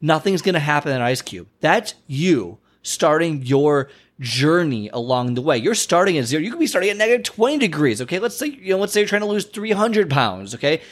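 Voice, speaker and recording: A young male fitness coach talks straight to camera in a motivational style, with a fairly high-pitched voice. He speaks with emphasis and circles back to repeat his points. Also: fairly quick. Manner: animated, emphatic, repeats phrases.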